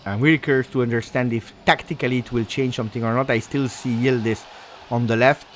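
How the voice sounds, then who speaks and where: Excitable Italian man commentating a match. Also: medium pitch, fast talker, slight background noise. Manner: excitable, switches into Italian exclamations, talks to chat. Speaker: fan streamer doing live match commentary. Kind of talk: live watch-along match commentary.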